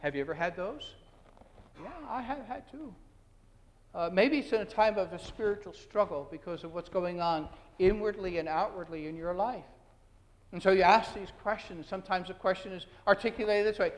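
A man's voice: high voice, moderate pace. A man preaching a sermon as pastor, earnest, with frequent restarts and rising emphasis. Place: church sanctuary. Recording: long hall reverb.

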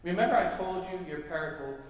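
A patient, reassuring pet store manager played by a man calmly talks up one more item to sell. His slightly high voice comes from a distance across a reverberant hall. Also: fast talker, natural voice. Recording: echoey hall, mic far off.

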